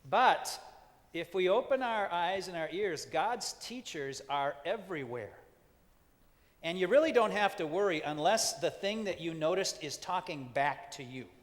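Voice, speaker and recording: A pastor, a man, leading a gentle, reflective sermon with playful asides. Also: sits high, expressive, unhurried. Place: church sanctuary. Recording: long hall reverb.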